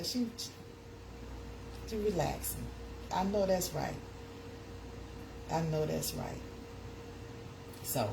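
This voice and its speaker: A woman's voice: mid-range voice, a little hiss or hum. A woman hosting a casual live chat, talking in a sing-song way and reading comments aloud. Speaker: livestream host.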